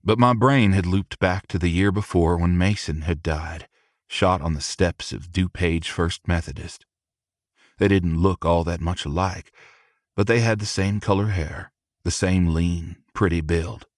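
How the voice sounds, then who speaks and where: Male audiobook narrator, low voice, dry close sound, steady first-person read. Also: measured pace, dry recording.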